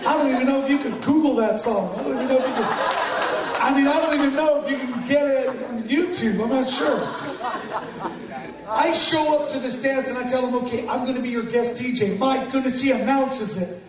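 High-voiced man preaching in an echoey hall. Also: brisk, a crowd in the background. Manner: animated storytelling, bursts into shouts, banters with the audience. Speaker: guest preacher giving testimony. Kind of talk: sermon testimony to a congregation. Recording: echoey hall from far off, dull sound.

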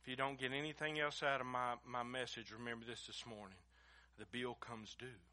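A man preaching a sermon, moving between quiet storytelling and loud, emphatic preaching in a folksy way. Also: medium pitch, fairly even intonation, brisk. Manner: swings from hushed storytelling to shouted preaching. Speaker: pastor.

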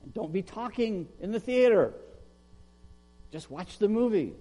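A man preaches a sermon in a high, lively voice that leaps up and down as he asks the congregation questions. He acts out quoted shouts with real force. His voice rings with a long reverb, as in a big hall. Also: unhurried. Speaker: pastor.

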